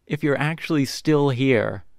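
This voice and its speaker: A man co-hosting a podcast, speaking in a measured, explanatory way in casual chat. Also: medium pitch, gravelly, no echo, clean studio sound. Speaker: podcast co-host.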